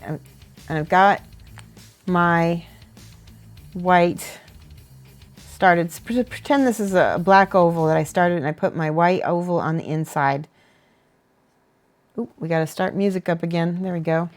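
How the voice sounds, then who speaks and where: Lady streamer giving friendly paint tips, kinda low voice, quiet music in the back. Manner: chatty, encouraging, laughs often. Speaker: miniature painting host and teacher. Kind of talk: casual livestream critique.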